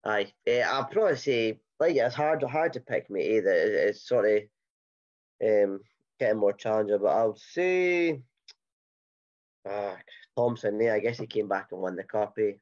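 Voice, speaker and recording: A man's voice: on the low side, lively intonation, normal speed, darkish tone, highs cut off. A Scottish man hosting a casual football podcast, chatty and rambling with many fillers and restarts. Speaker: podcast host.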